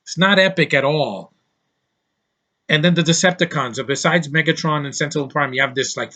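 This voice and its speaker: A man's voice: a little high, sharp tone. A man giving an exasperated, sarcastic film review, rambling and restarting as he complains. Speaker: movie reviewer. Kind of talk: ranting film review vlog.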